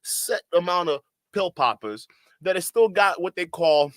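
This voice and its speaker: A man's voice: high voice, expressive, measured pace, a bit bright, dry recording. A man hosting a casual commentary show, rambling and profane, often tacking on "okay?". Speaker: commentary channel host.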